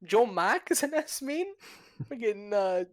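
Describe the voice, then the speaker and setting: A man in his twenties on a casual podcast, trading excitable gaming banter with friends, swearing and laughing easily. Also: high-pitched, a little slow. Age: 20s. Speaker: podcast co-host.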